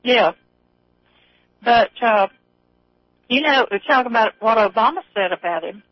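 Slow-drawling woman caller on the phone. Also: fairly high pitch, expressive, dry recording. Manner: slow, drawling, laughs a lot. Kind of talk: call-in radio chat. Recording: dull, dry phone line.

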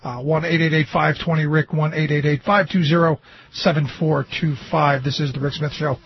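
A man hosting a radio talk show, friendly and brisk, reading out call-in details. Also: a little high, level tone, breathy edge. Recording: dull radio broadcast with music.

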